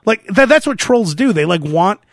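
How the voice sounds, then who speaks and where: A man's voice: high voice, normal speed, no echo, clean studio sound. A man hosting a podcast in casual chat, telling stories with lots of laughter and acted-out quotes. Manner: animated storyteller, laughs often, acts out quotes. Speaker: podcast host.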